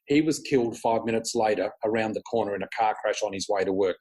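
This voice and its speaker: An Australian man, a guest on a podcast, telling stories in a lively, conversational way and acting out other people's lines. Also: lowish voice, quick pace, husky, rough recording. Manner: animated storyteller who acts out others' lines. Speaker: guest, psychic flower reader. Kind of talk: conversational storytelling.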